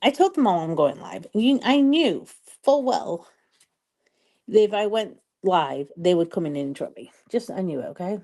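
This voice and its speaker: A woman's voice: mid-range voice, animated, normal speed, warm tone. A woman chatting casually on a live stream while doing her makeup, telling a story in a chatty, exasperated way with lots of emphatic repetition. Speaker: social media strategist and vlogger.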